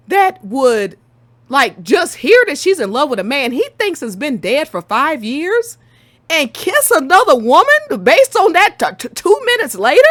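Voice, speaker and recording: Woman, lively swooping pitch, exasperated ranting, dry close sound, casual game talk. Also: dry recording. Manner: animated, exasperated ranting with laughs. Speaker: podcast co-host.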